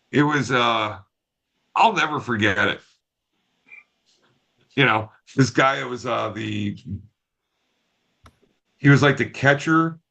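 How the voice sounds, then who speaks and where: Profane, animated man telling stories. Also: medium pitch. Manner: profane, animated storyteller, acts out quotes. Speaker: podcast co-host. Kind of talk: casual chat, storytelling.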